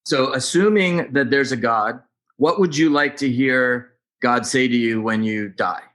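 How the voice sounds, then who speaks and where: A man's voice: mid-range voice, a little slow, fairly bright tone. Playful man asking interview questions. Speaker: host.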